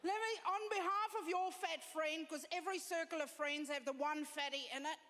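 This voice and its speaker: Speaking with a South African accent, this woman from South Africa has a high-pitched, somewhat bright voice with fairly even intonation and a moderate pace. Her stand-up set is blunt and self-deprecating, performed for an audience on a comedy stage. The live venue recording carries long reverb and a faint hum of room noise.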